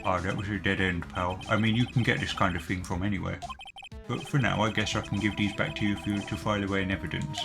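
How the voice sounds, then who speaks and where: Guy doing a gruff loyal detective, low gravelly voice, folksy tag word on every line, game music behind. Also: fairly even intonation, fast. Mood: earnest.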